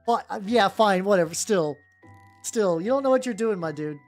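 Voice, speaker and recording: A woman's voice: medium pitch, animated, normal speed, close to an everyday voice. A woman putting on an exasperated male demigod who talks like a casual bro. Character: exasperated male demigod warning his brother. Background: soft background music.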